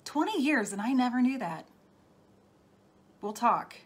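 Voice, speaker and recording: Husky chatty woman on a live stream. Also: on the high side, sing-song, measured pace. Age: middle-aged. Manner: chatty, laughs often, reads out viewer comments. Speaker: spiritual healer hosting a live stream. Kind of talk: casual live-stream talk. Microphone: phone or webcam.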